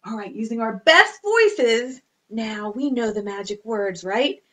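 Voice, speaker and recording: A woman librarian leading a children's storytime, singing, counting and making animal sounds in an animated sing-song way. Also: on the high side, measured pace. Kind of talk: children's storytime lesson with songs. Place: home or library room, recorded for video.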